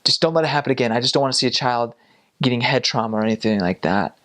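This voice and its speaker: A young man voicing an agitated adult man who is melodramatic about a minor injury, complaining in a high, shrieking voice. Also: very fast, fairly bright tone, close to an everyday voice. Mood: lecturing.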